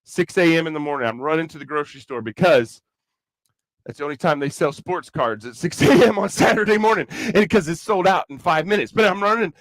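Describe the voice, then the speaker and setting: A man with a Kentucky accent preaches to young people in a high, bright voice, mixing jokes into the sermon. The sound is dry and close, with no room echo. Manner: chatty, joking, animated preaching. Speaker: youth rally speaker. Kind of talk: conversational sermon with comic asides.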